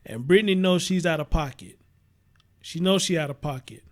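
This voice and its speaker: A man's voice: a little high, moderate pace. A man with a Houston accent hosting a livestream, talking bluntly and profanely, repeating himself and greeting viewers as he reads their comments. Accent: Southern US, Houston. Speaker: livestream host.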